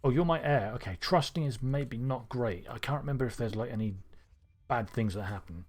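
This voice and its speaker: Husky-voiced man streaming a strategy game. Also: medium pitch, brisk. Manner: thinks aloud, excitable bursts. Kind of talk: live game commentary.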